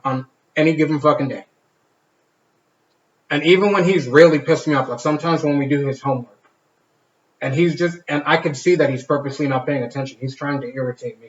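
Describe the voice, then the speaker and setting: A man co-hosting a podcast, telling candid stories about his kid with plenty of swearing and restarts. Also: medium pitch. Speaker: podcast co-host. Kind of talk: casual podcast chat. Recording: echoey room, dull lo-fi sound.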